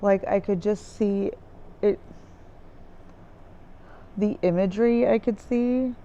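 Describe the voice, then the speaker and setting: A woman's voice: medium pitch, fairly even intonation, slow pace, warm tone, highs cut off, a little hiss or hum. A woman vlogger recapping her experience in a casual diary style, rambling and searching for words with many fillers, recorded in a dim room indoors. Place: dim room indoors by a window with trees outside.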